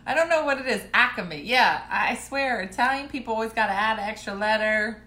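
A middle-aged woman telling family stories in a casual chat to viewers, laughing and clearing her throat now and then. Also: a little high, animated, a little fast, sharp tone, echoey room.

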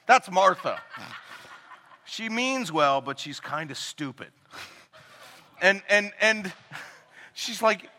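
A pastor delivers his sermon in a bright, forceful voice pitched a little high. He jokes with the congregation and acts out the people he quotes. His voice rings out with the long reverb of a church hall. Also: measured pace, long pauses. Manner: animated and joking, acting out quoted people. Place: church sanctuary.

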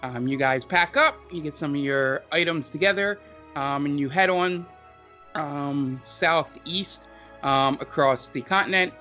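A man narrates a tabletop game as game master in a fairly high, bright voice. He stops often with ums and uhs as he goes. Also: soft background music. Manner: halting, with many ums and uhs.

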